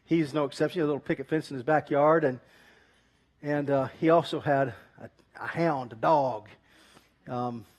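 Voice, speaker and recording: A man pastor preaching an animated sermon, telling a story and laughing often. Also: fairly high pitch. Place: church.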